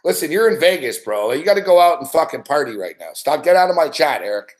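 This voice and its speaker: A man's voice: a little high, big pitch swings, brisk. A man hosting a late-night sports talk stream, ranting in a rambling, profane way and reading out chat between laughs. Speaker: sports talk show host.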